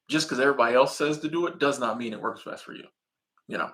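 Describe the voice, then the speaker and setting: A man in his thirties chats on a casual live stream. His voice is bright and forward, and he talks in a laid-back, slangy, conversational way while he reacts to viewer comments. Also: medium pitch, fast. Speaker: channel host reading viewer comments.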